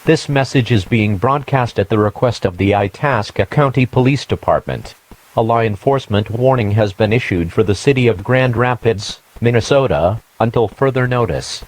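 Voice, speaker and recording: A man playing an emergency alert announcer, reading in a flat, formal manner. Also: medium pitch, normal speed, no echo, natural voice. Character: male emergency broadcast announcer.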